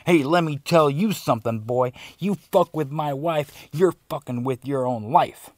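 A man's voice: on the high side, a little slow, no room sound, clean studio sound, lightly acted. A man doing a swearing, blustering phone victim. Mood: angry, blustering. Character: angry profane middle-aged man on the phone.

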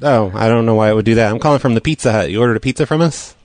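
An American man playing a rude pizza cook in a prank call, talking deadpan and brash. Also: medium pitch, rapid-fire, dry recording, lightly acted. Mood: mock earnest. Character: crude prank-calling male pizza cook.

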